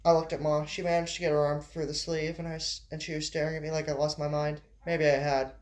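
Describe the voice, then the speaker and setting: A man's voice: on the high side, little pitch movement, fast. A man reading his story aloud in an amateur style, stumbling and restarting, with casual asides. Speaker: narrator.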